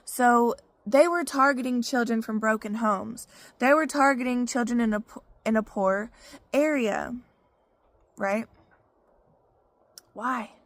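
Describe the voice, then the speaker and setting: A woman's voice: a little high, takes it slowly, long pauses, no echo. A woman, telling her own story in a frank, profane vlog full of "you know" fillers. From Arkansas, US. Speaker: vlogger. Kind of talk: casual personal testimony.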